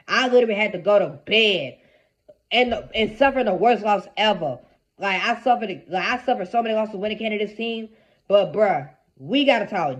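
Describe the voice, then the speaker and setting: A man's voice: high voice, fairly bright tone, dull audio. A young man giving an exasperated, repetitive fan rant about his team, heavy on slang. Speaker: sports fan commentator.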